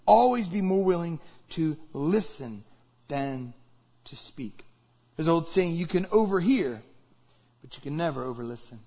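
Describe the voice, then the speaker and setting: Husky-voiced man preaching a sermon. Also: a little high, expressive, measured pace, dark tone, lo-fi sound. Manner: conversational, acts out example dialogues. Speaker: pastor.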